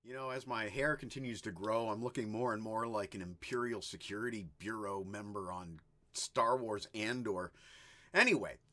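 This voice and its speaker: A man hosting a rock music vlog, telling anecdotes in a chatty, animated way. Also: fairly low pitch, normal speed. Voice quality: animated, chatty storyteller who does little sound effects. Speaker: host of a rock music video channel. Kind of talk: casual storytelling vlog.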